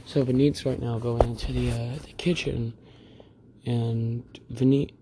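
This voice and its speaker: A man's voice: mid-range voice, level tone, unhurried, noisy background. A young man co-hosting a podcast at home, tipsy, rambling and crude in casual chat. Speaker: podcast co-host.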